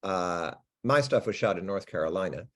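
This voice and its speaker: A middle-aged American man, an actor being interviewed, talking in an animated, chatty way with restarts and laughs. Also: sits low, normal speed. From United States. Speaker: actor guest. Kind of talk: casual interview chat.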